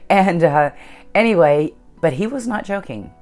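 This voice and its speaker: A woman's voice: lowish voice, lively intonation, a little slow, darkish tone, faint music behind. A middle-aged woman hosting her own channel, earnestly retelling a personal story and acting out the dialogue. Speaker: channel host.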